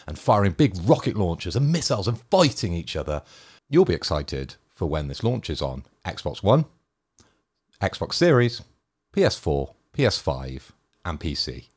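A man with a very deep voice that swoops widely up and down. He talks in a playful, teasing way on a gaming podcast. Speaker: podcast co-host. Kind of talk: casual gaming podcast chat.

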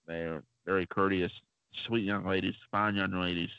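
A man's voice: sits low, flat delivery, moderate pace, smooth, no echo. A man co-hosting a podcast, telling rambling stories in a chatty way with lots of fillers. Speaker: podcast co-host. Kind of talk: casual podcast storytelling. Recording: dull lo-fi dry sound.

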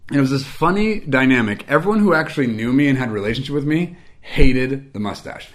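A young adult man telling a casual, rambling anecdote, animated and self-mocking. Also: medium pitch, fast talker. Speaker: storyteller.

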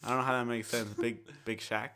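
A man's voice: medium pitch, level tone, fast, bright, forceful tone, a little hiss or hum. Rambling young man telling a story. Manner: rambling, full of 'like' and laughter. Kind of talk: casual storytelling chat.

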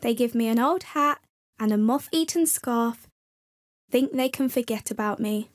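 A woman's voice: a little high, a little slow, close to an everyday voice. A woman voicing a grumpy male snowman who moans and complains. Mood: grumbling. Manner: moaning, complaining.

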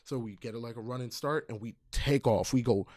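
A man's voice: mid-range voice, brisk, a little mellow, dry recording, studio quality. A man casually telling a heartfelt personal story, earnest, with frequent fillers and restarts. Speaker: storyteller recalling camp counseling.

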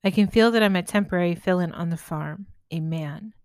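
A woman, a spiritual healer, narrating a story in a gentle, measured way. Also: fairly low pitch, dry recording.

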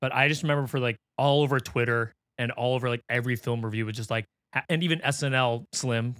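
A man hosting a podcast, steering the talk with a halting, wry, filler-heavy delivery. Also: medium pitch, steady tone, a bit bright, dry recording, studio quality. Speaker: podcast host. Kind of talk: casual chat.

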